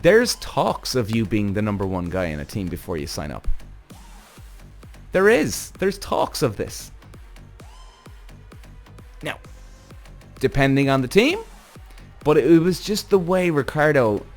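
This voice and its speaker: Male podcast host, mid pitch, loose, excitable and profane delivery, faint music underneath. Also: measured pace, long pauses. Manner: animated, rambling, swearing, exclamatory. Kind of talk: casual commentary on a TV series.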